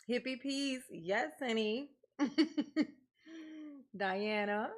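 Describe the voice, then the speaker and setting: A woman's voice: on the high side, slow, long pauses. A woman hosting a livestream, greeting viewers by name in casual, playful chat and laughing often. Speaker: livestream host.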